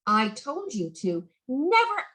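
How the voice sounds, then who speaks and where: A woman's voice: high voice, huge pitch swings, slow pace, a bit bright, heavily acted. A woman plays a cross farmer dad in a storybook, scolding his children in a stern, firm voice that rises and falls.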